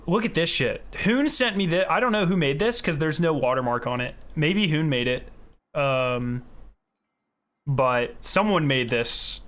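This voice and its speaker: A man's voice: on the high side, fairly bright tone. A man live-streaming a video game, chatting casually with viewers, greeting them by name and swearing freely in a hyped way. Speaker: gaming streamer.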